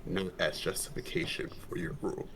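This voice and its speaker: A man voicing his tabletop character, a measured adventurer calmly giving stern advice to a companion. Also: low-pitched, slight background noise, pitched below the performer's own voice, low-quality recording. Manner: slow, deliberate delivery.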